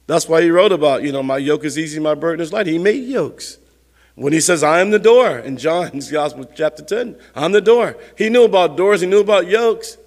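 A man's voice: high voice, big-room sound. A man preaching a sermon as pastor, talking it through conversationally with rhetorical questions and repeated phrases.

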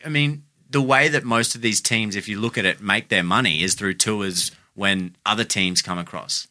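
An Australian man talking sport in casual banter, with a very bright, forceful tone in a somewhat low voice. He is blunt and swears freely, and often drops into mock voices. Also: moderate pace.

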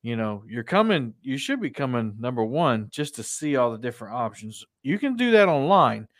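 A man's voice: mid-range voice, very animated, moderate pace, no echo, clean studio sound. A man co-hosting a casual podcast chat, talking with enthusiasm and rhetorical questions. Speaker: podcast co-host.

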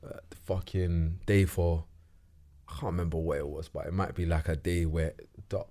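A young man with a London accent, a guest telling a story in casual chat, with lots of slang and animated retelling. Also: low voice, normal speed. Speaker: guest actor.

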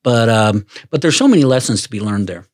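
An older man in casual chat, telling stories and dropping to a quiet voice when he quotes others. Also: medium pitch, animated, fairly quick.

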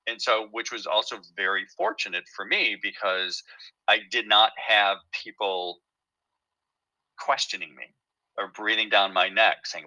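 Low-voiced man, bright and rambling. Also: normal speed, dry recording, poor audio. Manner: rambling, many fillers and restarts. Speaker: TV show creator and writer. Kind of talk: casual interview talk.

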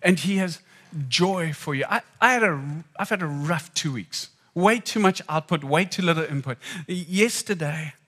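A man from Zimbabwe preaching a sermon, telling personal stories and swinging between hushed and loud moments. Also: on the high side, normal speed.

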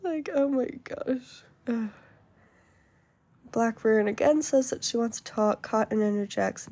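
A woman's voice: fairly high pitch, a little slow, mellow. A woman hosting a casual podcast, reading an article aloud in a chatty, amused way with frequent fillers. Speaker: podcast host.

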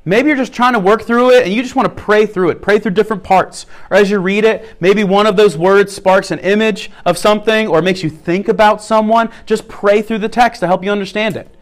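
A man's voice: sits high, fairly quick. A male pastor giving a sermon, explaining practical steps and repeating key phrases as he teaches.

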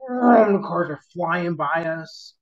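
A man telling stories in a casual chat, animated and cursing freely. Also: a little high, takes it slowly, background noise. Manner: animated storyteller, swears casually. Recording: slightly dull lo-fi sound.

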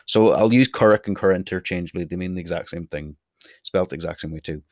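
A low, darkish-toned voice belongs to a young man from Ireland who talks fast in a casual vlog ramble. Chatty and blunt, he swears, goes off on tangents and now and then drifts away from the desk mic. The recording is dry.

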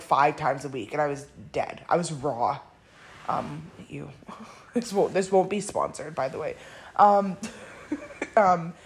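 A woman's voice: on the low side, a little mellow. A woman hosting a podcast, talking candidly and bluntly in a casual monologue, swearing freely and often laughing. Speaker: podcast host.

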